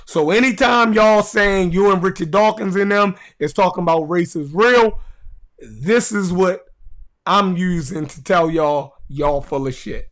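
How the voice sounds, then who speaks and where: A man's voice: sits high, unhurried, a bit bright. A man with a Baltimore accent hosting a podcast, talking casually and bluntly to his live chat, cursing and repeating himself for emphasis. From Baltimore, USA. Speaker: podcast host. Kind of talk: casual livestream talk to a chat.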